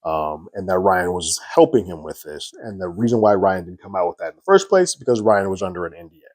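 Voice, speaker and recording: Low, husky-voiced man reviewing TV. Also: expressive, quick pace, a little mellow, no echo. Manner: loose, conversational retelling with frequent fillers. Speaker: TV series reviewer. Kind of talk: casual episode recap and review.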